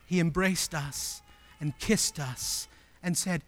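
A man preaching a sermon as pastor, emphatic and full of rhetorical questions, swinging between loud declarations and hushed, intimate passages. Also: fairly high pitch, slow pace, faint music behind.

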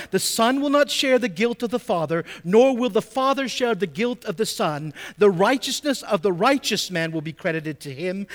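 A man preaching a sermon as a pastor, emphatic, repeating key phrases and swinging between soft asides and loud stresses. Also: high-pitched.

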